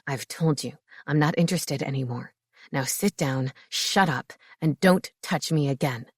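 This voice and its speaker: A woman voicing a young male werewolf leader who speaks low and clipped through clenched teeth. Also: unhurried, slightly rough, no echo, studio quality. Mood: hissing, firm. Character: young male alpha werewolf, tense, curt.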